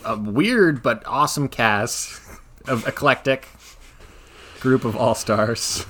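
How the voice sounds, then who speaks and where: A young man hosting a movie podcast in casual, animated chat, laughing often. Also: mid-range voice, takes it slowly. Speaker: podcast host.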